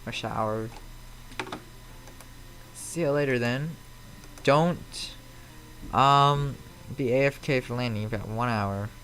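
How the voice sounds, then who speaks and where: A man's voice: mid-range voice, slow, long pauses, fairly bright tone, slight background noise. A man streaming a flight simulator from home, chatting loosely and answering viewers' messages aloud as they come in. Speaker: flight sim live streamer. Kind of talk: casual live-stream chat.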